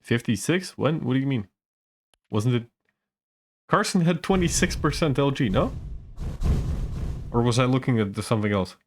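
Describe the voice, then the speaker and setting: A man's voice: mid-range voice, animated, normal speed, long pauses, a little mellow, a little hiss or hum. A man doing casual live esports commentary, chatty and rambling, teasing the chat between plays.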